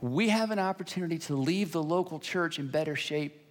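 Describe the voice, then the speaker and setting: A man's voice: on the high side, fairly quick. A middle-aged man preaching a sermon as a pastor, telling stories in a conversational way and repeating phrases for emphasis. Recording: long hall reverb.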